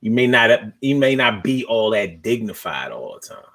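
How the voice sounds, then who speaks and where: Animated man telling loose stories. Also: lowish voice, vocal fry. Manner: loose, profane, conversational; drawn-out, searching pauses. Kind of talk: casual storytelling monologue.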